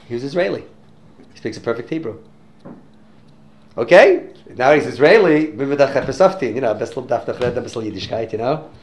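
A man telling a story in a religious talk to an audience, animated and sprinkling in Hebrew and Yiddish words. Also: medium pitch, measured pace, pauses often. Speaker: religious teacher.

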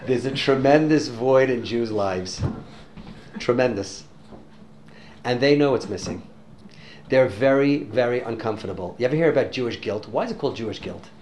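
Guy giving a talk, sprinkles hebrew words, very lively up-and-down voice, faint hum behind. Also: medium pitch, moderate pace, long pauses. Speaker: religious teacher. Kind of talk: storytelling talk to an audience.

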